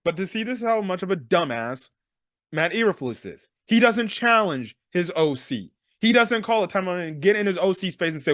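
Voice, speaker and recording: A man rants through a game recap, his fairly high voice swinging wildly up and down. He fires off exasperated rhetorical questions in a dry, close-miked sound. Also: lively intonation, normal speed, fairly bright tone, no room sound. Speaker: sports podcast host.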